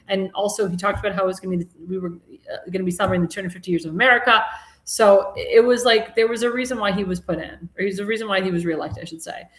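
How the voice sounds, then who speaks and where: A woman's voice: medium pitch, fairly even intonation, rapid-fire. Chatty woman host in an echoey room. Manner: chatty, rambling, with frequent restarts and fillers; mocking and indignant about politics. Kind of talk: live political talk show commentary.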